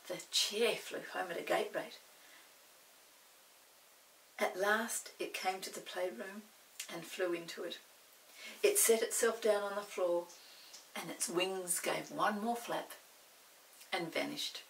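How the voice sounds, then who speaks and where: An older woman reading a children's book aloud, expressive and animated. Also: on the low side, takes it slowly, creaky, pauses often, recorded from a distance, poor audio. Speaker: storyteller.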